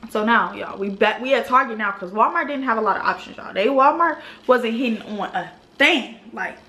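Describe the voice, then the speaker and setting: A young woman tells a storytime to her viewers, animated and exasperated, with plenty of casual slang. Her voice sits a little high, and the room adds a clear echo around it. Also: brisk. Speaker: vlogger. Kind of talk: storytime vlog. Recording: roomy echo.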